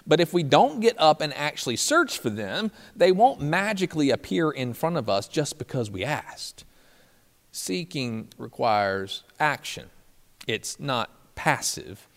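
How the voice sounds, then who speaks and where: A pastor preaching a sermon, with lively delivery and slow, emphatic phrases. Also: male voice, a little high, in a large hall.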